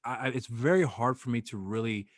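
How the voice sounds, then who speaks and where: A man hosting a podcast in casual chat, talking haltingly with many fillers and restarts. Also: medium pitch, dry recording, studio quality. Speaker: podcast host.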